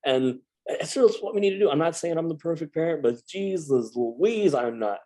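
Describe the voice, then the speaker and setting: A man in his thirties talks through a personal story in loose, casual conversation. He stumbles and restarts often, yet keeps up an animated energy. His voice has a dark, mellow tone. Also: fairly high pitch, normal speed. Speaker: guest, Marine veteran. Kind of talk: casual chat.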